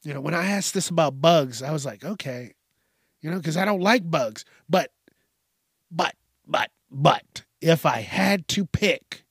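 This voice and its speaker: Slightly high and fairly bright, this podcast host's voice comes through dry and studio quality. Alone on his casual show, he talks loosely, swears, hops between topics, and often restarts or repeats words.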